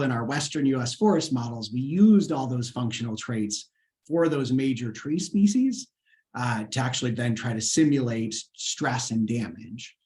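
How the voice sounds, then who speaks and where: A man's voice: mid-range voice, darkish tone. Earnest male scientist giving a webinar talk. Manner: earnest, with frequent fillers and restarts. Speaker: scientist giving an award lecture. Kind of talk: webinar lecture and Q&A.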